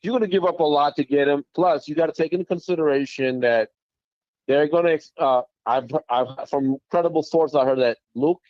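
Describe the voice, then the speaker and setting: A man's voice: a little high, fairly quick, no room sound. A man calling into a sports show, polite and hesitant with many fillers. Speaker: caller, teacher. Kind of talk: call-in opinion. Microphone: phone line. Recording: dull phone-line audio.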